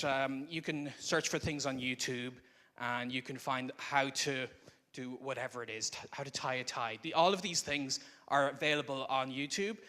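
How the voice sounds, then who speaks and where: A man's voice: fairly high pitch, bright, forceful tone. A man giving a live presentation to an audience at a conference, speaking into a microphone in a conversational, explanatory way. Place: conference room before an audience.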